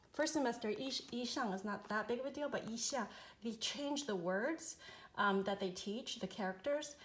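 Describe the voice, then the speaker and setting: Chatty woman explaining with many fillers. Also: medium pitch. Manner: relaxed, many fillers, demonstrates sounds and gestures. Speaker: parent reviewing learning books. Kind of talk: casual instructional review.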